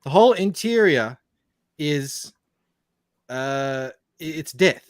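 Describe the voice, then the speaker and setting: A man's voice: fairly high pitch, expressive, slow pace, no room sound, studio quality. A man from Australia with an Australian accent, chatting casually on a podcast and explaining things with lots of asides. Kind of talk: casual chat.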